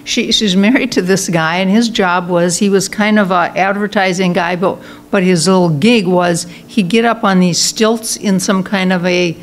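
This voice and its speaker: A woman's voice: medium pitch, steady tone, normal speed, hardly any pauses. Woman minister, Sunday talk, chatty storyteller, faint room hum. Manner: conversational storytelling with fillers and restarts. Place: church sanctuary.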